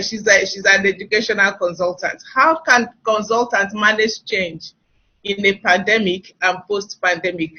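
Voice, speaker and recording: Bright, raspy webinar moderator. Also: medium pitch, highs cut off. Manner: bright and energetic, repeats herself. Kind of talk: introducing a speaker.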